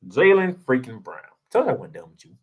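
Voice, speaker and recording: A man's voice: mid-range voice, huge pitch swings, fairly quick, breathy edge, phone-quality sound. A man giving a heated solo basketball commentary, ranting and firing rhetorical questions at the team. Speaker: sports blogger.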